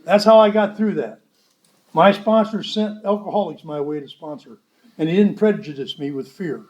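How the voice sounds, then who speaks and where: Blunt, wry man with a high voice. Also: moderate pace, darkish tone, lo-fi sound. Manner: blunt, wry, acts out quoted dialogue. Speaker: recovery meeting speaker. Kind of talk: storytelling talk to a convention audience.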